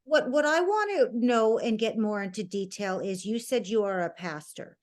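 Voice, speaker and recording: A woman's voice: mid-range voice, lively intonation, moderate pace. A woman hosting a faith podcast, asking probing questions and pressing for detail. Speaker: podcast host. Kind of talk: interview questions.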